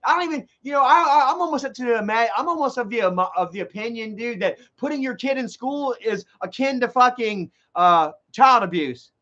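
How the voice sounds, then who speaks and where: A man with a very high voice delivers a heated, profanity-laced rant, rambling and restarting his sentences. The recording is muffled and lo-fi. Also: a little fast, hardly any pauses, sharp tone. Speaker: vlogger. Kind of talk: profane ranting monologue. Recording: dull lo-fi recording.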